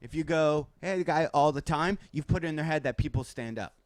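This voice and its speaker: A male comic speaks candidly on a podcast and slips into impressions of other comedians. His voice sits a little high, and the sound is dry and close. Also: brisk, no echo. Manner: candid shop talk, mimics other comics. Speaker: stand-up comic, podcast guest. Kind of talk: casual chat.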